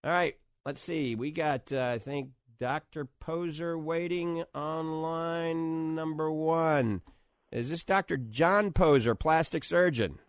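A man with a New Orleans accent hosting a call-in radio advice show as a doctor, giving brisk, salesy instructions to callers. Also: a little high, smooth, no room sound, studio quality.

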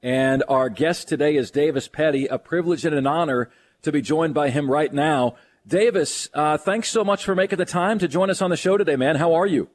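A man hosting a sports radio show, enthusiastic and joking as he interviews a guest. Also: fairly quick. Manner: enthusiastic, joking, swings pitch widely.

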